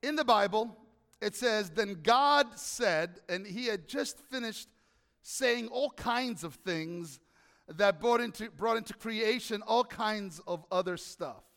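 High-voiced preacher in an echoing hall. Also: male voice, measured pace. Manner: animated, asks the congregation questions. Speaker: pastor. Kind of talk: sermon.

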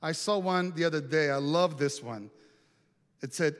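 A male pastor tells a story from the pulpit in an easy, chatty way, often turning to ask the congregation questions. His voice sits on the high side for a man. The sound carries a long reverb from a large hall. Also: moderate pace. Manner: conversational, asks the congregation questions. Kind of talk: storytelling sermon.

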